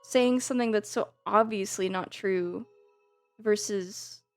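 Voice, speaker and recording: A woman's voice: medium pitch, takes it slowly, faint music behind. A woman streamer chatting casually and giggling as she reads and answers her chat, with a careless swear now and then.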